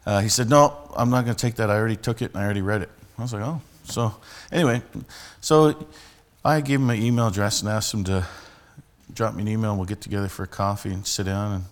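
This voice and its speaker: A man's voice: fairly low pitch, steady tone, quick pace. Man preaching conversationally. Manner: conversational storytelling with frequent restarts. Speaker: street preacher. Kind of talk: sermon.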